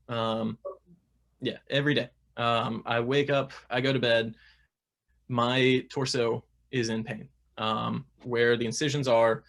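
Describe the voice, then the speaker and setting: Gravelly-voiced man chatting casually. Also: medium pitch, a bit bright. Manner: chatty, many fillers and restarts. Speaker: guest. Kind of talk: casual interview talk.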